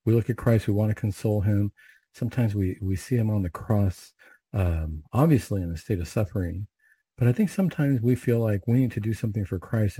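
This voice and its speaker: A man's voice: lowish voice, mellow, husky, no room sound. A man reciting prayers and then giving a reflective, conversational sermon as a preacher.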